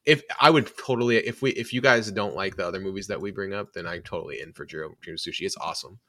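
A man co-hosting a casual movie podcast, talking in an animated way with lots of "like" fillers. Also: sits low, quick pace. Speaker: podcast co-host.

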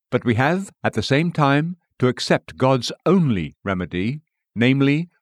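A man reading a Christian devotional book aloud in a measured, solemn voice, slowing down for scripture quotations. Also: mid-range voice, dry recording, clean studio sound.

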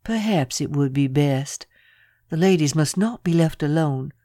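A reader voicing a young male private secretary in an audiobook, speaking in a low, steady, businesslike way. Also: measured pace, dry recording, studio quality, close to an everyday voice. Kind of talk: audiobook character reading.

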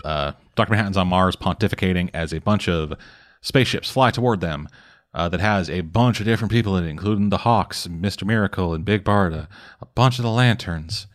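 A man recapping a comic book in casual chat, swearing freely and rattling off the plot. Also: deep voice. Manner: profane, rambling recap with quick mock voices for characters. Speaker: podcast co-host recapping a comic. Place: home at night, speaking quietly for housemates.

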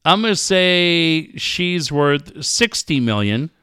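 A man's voice: on the high side, expressive, takes it slowly, pushed and bright, smooth, no echo, clean studio sound. A man co-hosting a casual podcast, guessing aloud and swearing often in loose banter. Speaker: co-host.

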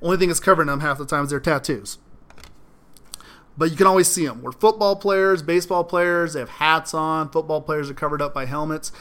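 A man hosting a solo sports podcast, talking in an animated, emphatic way and mocking fans' complaints. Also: fairly high pitch, a little fast. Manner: animated, emphatic, mocking quoted fans in exaggerated voices. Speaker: podcast host.

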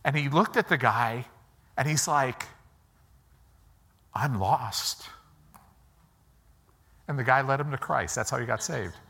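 A man preaching in a church, telling a lively story and acting out the voices of its people, with casual asides to his listeners. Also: medium pitch, normal speed, gravelly, breathy edge. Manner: animated storyteller, acts out quoted voices; informal, asides to the audience. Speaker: pastor. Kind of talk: storytelling sermon.

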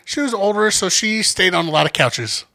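A young man in his twenties casually telling a story, animated, acting out quoted lines and swearing a lot. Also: high-pitched, moderate pace.

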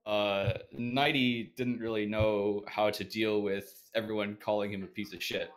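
Male podcast guest, lower register, hesitant rambling storyteller. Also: fairly even intonation, a little slow. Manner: rambling, hesitant, with many fillers. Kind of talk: casual storytelling.

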